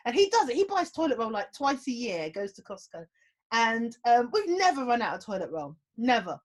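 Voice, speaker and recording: A woman's voice: fairly high pitch, fairly quick. A woman talking in a casual interview, giving practical advice on anxiety and laughing often as she tells stories. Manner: animated, laughs often while telling stories. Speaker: guest giving mental health advice.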